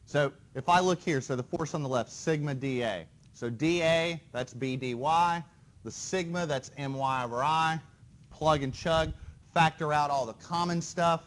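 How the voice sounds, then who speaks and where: A man's voice: a little high, a little slow. A man giving a university engineering lecture to a class, talking them through each step and checking in with them often. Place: lecture hall.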